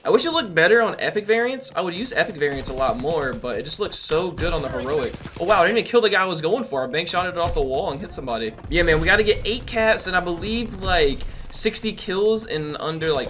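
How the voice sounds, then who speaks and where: A man's voice: on the high side, lively intonation, fast talker, few pauses, a bit bright, slight background noise. A young man giving chatty, slang-filled live commentary over his gameplay, often exclaiming and laughing. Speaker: gaming youtuber.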